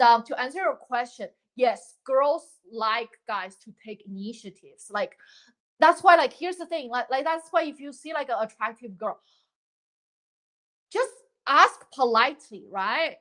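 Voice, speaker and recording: Rambling woman streamer, a bit high. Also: animated, moderate pace, fairly bright tone. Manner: rambling, many fillers and restarts; chatty, upbeat, thanks viewers. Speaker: livestreaming dating advice creator. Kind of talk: casual livestream chat.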